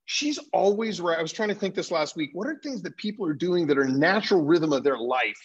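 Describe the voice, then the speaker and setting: A man co-hosting a casual talk show, chatting in an animated way and laughing easily. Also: fairly high pitch, brisk, slightly rough. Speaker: co-host. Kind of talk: casual chat. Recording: dull lo-fi sound.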